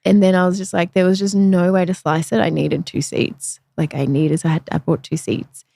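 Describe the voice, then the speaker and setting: A woman's voice: on the low side, little pitch movement, brisk, gravelly, dark tone, no echo. A woman from Australia, hosting a podcast and telling her own story in a frank, chatty, self-deprecating way. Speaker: podcast host. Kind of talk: candid conversational storytelling.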